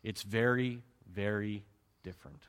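Bright-voiced animated male preacher. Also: on the low side, unhurried, vocal fry, smooth. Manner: animated, emphatic, joking asides; rhetorical questions to the congregation. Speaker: pastor. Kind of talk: sermon.

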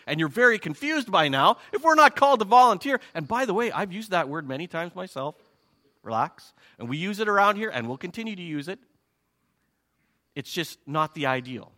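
Animated, bright-voiced male pastor. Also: high-pitched, a little fast. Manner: animated, acts out listeners' reactions. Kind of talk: sermon.

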